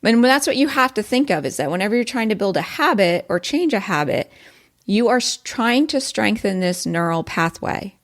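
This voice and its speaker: A woman in a solo podcast about workplace safety, speaking in a lively, conversational way. Her voice sits at a middle pitch, and she often checks in with the listener with a quick "right?". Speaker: podcast host, safety professional. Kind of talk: casual solo podcast talk.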